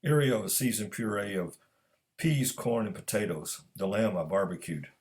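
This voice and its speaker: A man voicing a calm Nigerian cook who speaks in a clipped, precise way. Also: fairly low pitch, normal speed, close to an everyday voice. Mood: explaining.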